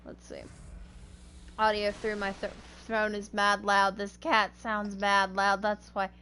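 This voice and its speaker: Female streamer, bright forward tone, playful chatter with viewers and friends. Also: mid-range voice, completely flat delivery, slow, a little hiss or hum. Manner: chatty, playful, talks to chat. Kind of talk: casual live game stream chat.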